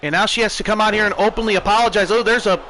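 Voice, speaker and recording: Excitable American man calling wrestling. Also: high-pitched, rapid-fire, a little hiss or hum, low-quality recording. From United States. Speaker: streamer. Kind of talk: wrestling play-by-play commentary.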